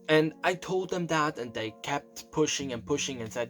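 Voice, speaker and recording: A man's voice: a little high, expressive, moderate pace, few pauses, fairly bright tone. A young man telling a confessional story, rambling and emotional, close to tears and swearing often. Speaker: vlogger. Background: faint background music.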